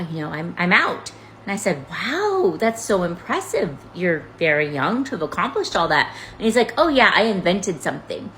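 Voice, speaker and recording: A woman's voice: fairly low pitch, a bit bright, slight background noise, poor audio. A woman casually telling a story about a date, wry and amused, often laughing as she goes. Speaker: TikTok storyteller.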